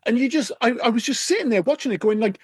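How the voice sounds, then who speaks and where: A man with a high-pitched voice co-hosts a casual film podcast. He talks in an animated, exasperated way, swearing freely. The sound is close and dry. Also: fast talker, slightly rough, dry recording. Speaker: podcast co-host. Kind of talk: casual film review chat.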